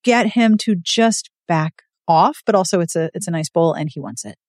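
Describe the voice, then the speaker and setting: A woman's voice: fairly low pitch, moderate pace, darkish tone, no echo, clean studio sound. A woman co-hosting a podcast, recapping a romance novel in casual chat and acting out the characters' lines in playful voices. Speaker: podcast co-host.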